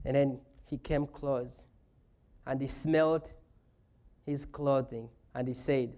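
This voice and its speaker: Slow-speaking male pastor. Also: mid-range voice, fairly even intonation, dark tone. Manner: storytelling with asides. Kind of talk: sermon.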